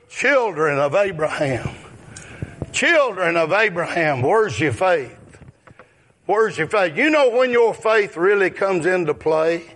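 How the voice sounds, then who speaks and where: Slow, bright-voiced preacher man shouting. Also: lively intonation. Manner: drawn-out delivery that rises into shouted high exclamations; repeats call-outs like "yes, sir" and "huh?". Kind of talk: sermon.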